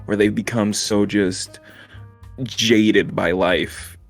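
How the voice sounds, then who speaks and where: A man's voice: fairly low pitch, fairly even intonation, slow, creaky, faint music behind. A man co-hosting a podcast in casual chat, joking, swearing and putting on mocking voices. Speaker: podcast co-host.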